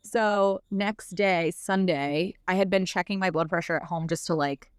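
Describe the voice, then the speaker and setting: A young woman talks as a podcast guest, her voice a touch low and notably smooth and clean. She retells events in a rapid, animated casual style, dropping filler words constantly. The sound is close and dry. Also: no room sound. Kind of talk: casual storytelling.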